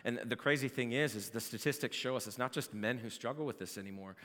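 A pastor preaching a sermon, with lively delivery that rises to shouting when he jokes. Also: medium pitch, quick pace. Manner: animated, builds to shouting in jokes. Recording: long hall reverb.

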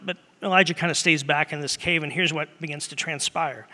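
A man preaching a sermon as pastor, earnest and conversational, dropping to a hush at times and rising loud at others. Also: on the high side, steady tone, a little fast. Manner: conversational and earnest, shifting between loud and hushed. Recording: long hall reverb.

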